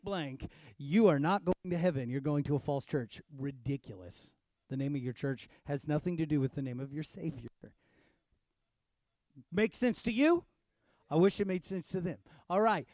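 A man's voice: on the high side, dark tone, no echo. A man in his thirties preaching a sermon, answering questions in a conversational way that builds to emphatic peaks. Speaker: pastor.

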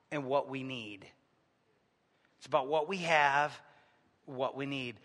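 A high, bright-voiced male pastor, preaching a sermon. His delivery is conversational and jokey, rising to loud emphasis and dropping to near-murmured asides. The sound carries a long reverb, like a large church sanctuary. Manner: conversational preaching with jokes, swinging from loud to quiet.

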